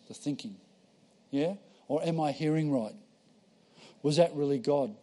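Male preacher, storytelling sermon, slightly higher voice, dynamic delivery. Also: measured pace, long pauses. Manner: conversational storytelling, acting out voices, swinging loud and soft. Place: church.

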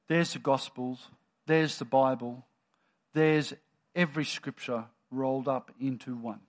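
A man preaching a sermon to his congregation in a relaxed, conversational storytelling manner. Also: mid-range voice, measured pace.

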